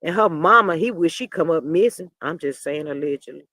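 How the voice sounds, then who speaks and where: A man hosting a live stream, giving sassy, animated gossip commentary and reading chat comments aloud. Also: on the high side, moderate pace, dry recording. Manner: sassy and animated, often calling listeners "child". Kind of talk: casual gossip commentary on a reality show.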